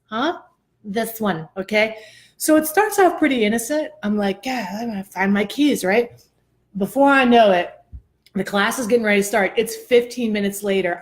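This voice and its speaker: Animated woman host telling a story. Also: on the high side. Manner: animated, expressive, laughs often. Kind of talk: casual storytelling chat.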